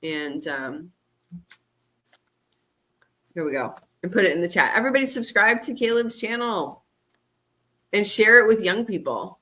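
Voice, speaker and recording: A woman's voice: medium pitch, expressive, a little slow, pauses often, sharp tone. A woman moderating and co-hosting a casual livestream, chatty and laughing often.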